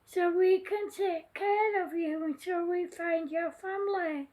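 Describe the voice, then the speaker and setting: A woman doing a gentle father dolphin. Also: very high-pitched, measured pace. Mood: soothing. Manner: soothing and reassuring.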